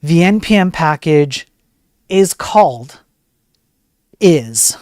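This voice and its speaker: A man's voice: fairly high pitch, lively intonation, takes it slowly, a little mellow, no echo, clean studio sound. A man hosting a casual tech news stream, ranting bluntly and joking as he reads the stories. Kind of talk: casual live-stream commentary.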